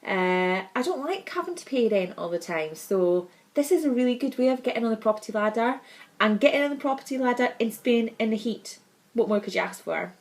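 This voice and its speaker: Young female vlogger, slightly high voice, chatty and heartfelt, open confessional tone. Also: animated, fairly quick. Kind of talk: casual personal vlog.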